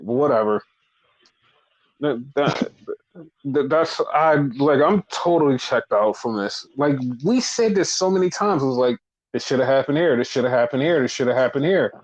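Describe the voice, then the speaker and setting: A man co-hosting a podcast, casually recapping wrestling in animated, profane storytelling that acts out the quotes. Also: on the high side. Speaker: podcast co-host. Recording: dull lo-fi podcast audio.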